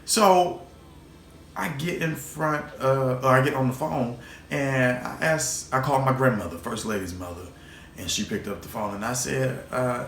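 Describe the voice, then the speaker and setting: A man's voice: medium pitch, normal speed, vocal fry, a bit bright. A man hosting his own vlog, telling a personal story in a rambling, emotional way, repeating words and swearing now and then. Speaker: show host. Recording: roomy echo, faint background noise.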